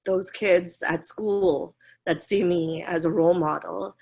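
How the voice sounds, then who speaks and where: A woman in her forties, a school administrator, telling stories in a casual interview with frequent laughs and quick acted-out quotes. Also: on the low side, creaky, slightly rough. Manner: animated, laughing, voices quoted people.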